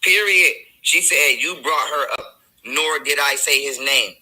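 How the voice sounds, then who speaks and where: A man's voice: mid-range voice, a little slow, sharp tone, slightly rough, poor audio. A man in a played video clip, defending himself in an argument and recounting text messages. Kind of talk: heated self-defense.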